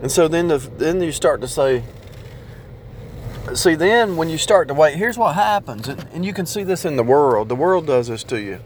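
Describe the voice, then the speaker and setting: A man's voice: a little high, expressive, normal speed, slight background noise. A man talking in a rambling casual monologue about faith, with many restarts and repeated phrases. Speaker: speaker sharing religious reflections.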